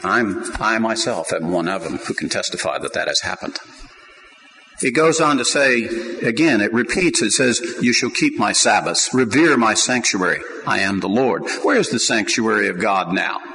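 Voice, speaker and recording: A man's voice: lowish voice, expressive, moderate pace, low-quality recording. Emphatic male preacher. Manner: emphatic preaching, swinging from quiet to loud. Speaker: pastor. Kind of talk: sermon.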